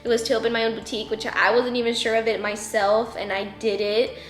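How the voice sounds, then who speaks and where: A boutique owner in her twenties gives a heartfelt motivational talk, getting teary and rambling as her voice cracks, saying "like" and "you know" constantly. Her voice is fairly high with a level tone and quick delivery, in a reverberant space with faint music behind.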